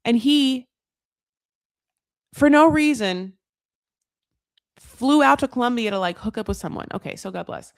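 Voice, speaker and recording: A woman hosting a comedic reality TV recap, sarcastic and animated, swearing freely. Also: a little high, a little slow, long pauses, no room sound, clean studio sound. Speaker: host.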